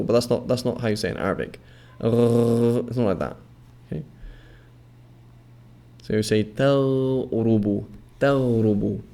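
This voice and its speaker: A warm, lowish male voice with a creaky, gravelly texture guides the listener through pronunciation the way a patient teacher would. He models words over and over, slowly elongating every sound and pausing to make sure the listener is following.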